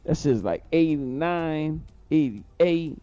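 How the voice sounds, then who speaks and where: A man's voice: a little high, expressive, slow pace, mellow, dry recording, lo-fi sound. A man rambling through a profane, boastful story in a live-stream monologue, repeating himself as he goes.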